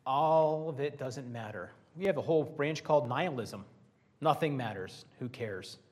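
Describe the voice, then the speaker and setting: Preaching in a conversational way to a Bible study group, this man is lively and drops jokes to his listeners along the way. He has a mid-range voice and speaks at normal speed.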